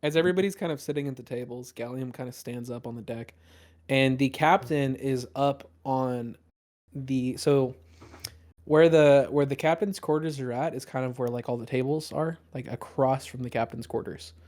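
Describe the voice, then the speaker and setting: A man's voice: mid-range voice, moderate pace, a little mellow. A man narrating a tabletop game as dungeon master, rambling with many fillers.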